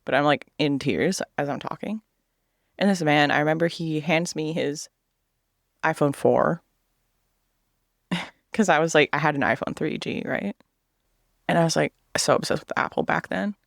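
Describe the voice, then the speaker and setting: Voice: medium pitch, normal speed, gravelly, long pauses, a bit bright, no room sound, studio quality. A man in his thirties telling a personal story in a casual vlog chat, swearing freely and acting out what other people said.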